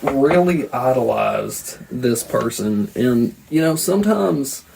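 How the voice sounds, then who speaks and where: A man's voice: mid-range voice, expressive, slow, vocal fry, a little mellow, slight background noise, rough recording. A man co-hosting a podcast in casual chat, rambling and reflective with many restarts. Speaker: podcast co-host.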